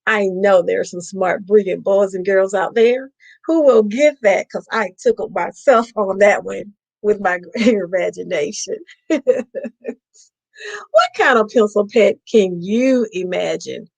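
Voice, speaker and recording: A woman's voice: medium pitch, a little slow, gravelly, a little mellow, rough recording. A woman host reading a picture book aloud to children on a live stream, playfully stopping to ask them questions.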